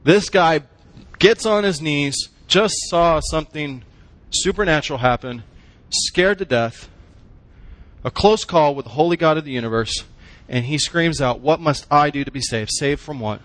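Male preacher, sermon, slow deliberate delivery, slightly high voice, dry close sound, emphatic questions. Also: fairly bright tone, no echo. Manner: emphatic, call-and-response questions, punchy short phrases. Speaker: pastor.

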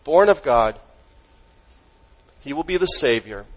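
A man preaching a sermon as pastor, emphatic, asking the congregation questions and dropping his voice low on key words. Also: lively intonation, measured pace, poor audio.

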